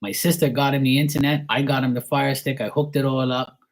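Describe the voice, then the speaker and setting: A man's voice: mid-range voice, flat delivery, a little fast. Man in his forties, from Bermuda, casual storytelling, rambling, blunt, swears a lot. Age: 40s. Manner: rambling, blunt and heavily profane, many fillers. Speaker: tarot reader streaming live.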